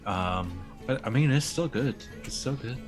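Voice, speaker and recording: A man's voice: medium pitch, animated, unhurried, over music. A man talking as a player in a tabletop game, hesitant and full of fillers. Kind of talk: in-character tabletop talk.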